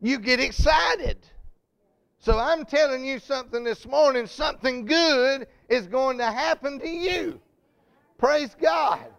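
A man preaching a fervent sermon, calling out to the congregation and building to shouted peaks. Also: extremely high pitch, takes it slowly, vocal fry.

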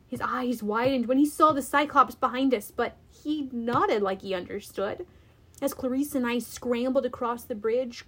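A woman reading a first-person adventure aloud, expressive and deliberate. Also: a little high. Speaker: audiobook reader. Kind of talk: dramatic first-person storybook narration.

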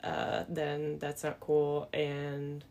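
A woman's voice: low-pitched, monotone, very slow, darkish tone. A woman co-hosting a podcast in chatty, enthusiastic, slightly rambling casual talk. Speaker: podcast co-host. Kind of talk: casual chat.

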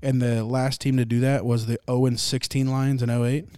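A man's voice: medium pitch, little pitch movement, normal speed, dark tone, clear, resonant tone, no room sound, clean studio sound. Profane young man in casual sports chat. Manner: profane, joking, rambling. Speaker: podcast host.

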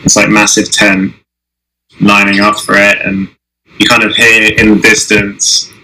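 A young man being interviewed, talking casually with many restarts and pauses. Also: lowish voice, flat delivery, bright, forceful tone, rough recording. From Israel. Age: young adult. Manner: halting, many restarts and "I mean". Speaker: guest, Olympic alpine skier.

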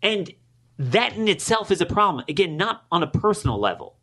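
A man hosting his own political podcast, talking alone to his listeners, growing emphatic and climbing higher when he gets indignant, and acting out both sides of past conversations. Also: big pitch swings, fairly quick, pushed and bright. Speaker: podcast host. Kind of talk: political commentary monologue.

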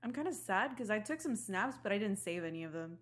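A woman's voice: medium pitch, lively intonation, quick pace. A young woman co-hosting a casual podcast. She giggles often and teases her co-host in a laid-back way. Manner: giggly, teasing. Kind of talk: casual chat.

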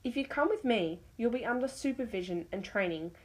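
A woman voicing a calm, stern wolf mentor. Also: a little high, close to an everyday voice, poor audio. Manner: measured, instructive.

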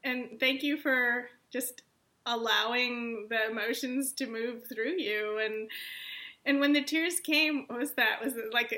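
A woman hosts an interview in a bright, slightly high voice. She affirms her guest warmly and asks gentle, reflective questions. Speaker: interview host.

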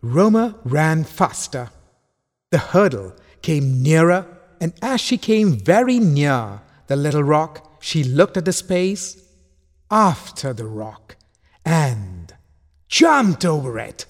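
A man narrating a children's story at a slow, deliberate pace. His gravelly voice moves a lot in pitch, and a long hall reverb trails every line. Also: sing-song.

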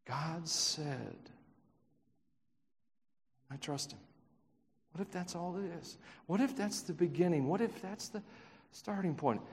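A man with a high-pitched voice preaches a sermon. He builds to loud, emphatic passages, then drops to quiet, hushed questions, and adds self-deprecating asides. His voice carries the long reverb of a large church hall. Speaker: pastor.

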